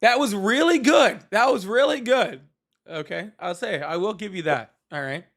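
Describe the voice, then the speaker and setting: A man hosting a live call-in talk show, teasing callers with quick, casual jokes. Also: high voice, lively intonation, a bit bright. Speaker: host.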